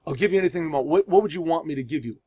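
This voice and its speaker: A man's voice: a little high, lively intonation, very fast, mellow, slightly rough. A man voicing a boy from a rich family who was just saved from drowning and offers a reward, inside a story told in a class. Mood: grateful.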